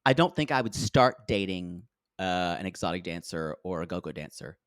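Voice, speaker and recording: A man co-hosting a casual podcast, blunt and quick to laugh and swear. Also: low-pitched, lively intonation, clean tone, dry recording, studio quality. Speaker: podcast co-host.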